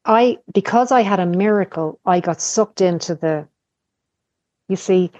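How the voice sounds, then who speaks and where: Low-voiced woman telling candid stories. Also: unhurried, darkish tone, no room sound. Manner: candid storytelling with casual swearing. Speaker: podcast guest. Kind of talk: casual conversation. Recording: dull lo-fi podcast audio.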